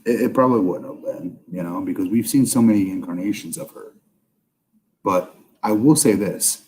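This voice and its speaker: A man, a podcast guest, talking casually and bluntly about wrestling, often exasperated and quick with asides. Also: sits low, darkish tone, a little hiss or hum, rough recording. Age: older. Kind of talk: casual wrestling review chat.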